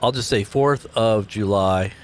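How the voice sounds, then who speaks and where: A man's voice: fairly low pitch, unhurried. Rambling man hosting a livestream. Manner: rambling, reads out chat names, chuckles. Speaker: livestream host. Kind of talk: casual livestream chat.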